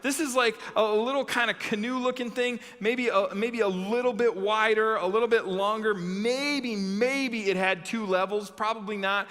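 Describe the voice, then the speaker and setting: A young man preaching a youth sermon, reading a Bible story and acting it out with animated voices. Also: high-pitched, normal speed, hardly any pauses, long reverb tail. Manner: animated, acts out the story with shouted quotes. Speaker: youth pastor.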